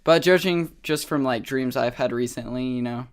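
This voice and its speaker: A young man speaks quietly in a casual podcast chat. He trails off with fillers and sounds a little hesitant, keeping his voice low in level. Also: normal speed. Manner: soft-spoken, quiet, hesitant. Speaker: podcast co-host.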